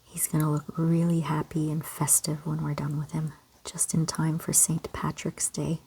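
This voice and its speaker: A gentle, encouraging woman from Canada, talking kids through a step-by-step drawing lesson in a soft voice. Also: low-pitched, little pitch movement, moderate pace, breathy edge. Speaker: children's art teacher.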